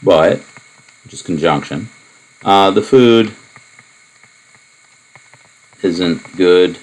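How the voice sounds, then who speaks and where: A man lecturing on propositional logic, explaining in a relaxed, wandering way with many asides and fillers. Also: low voice, extremely slow, low-quality recording. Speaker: math lecturer. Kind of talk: recorded lecture.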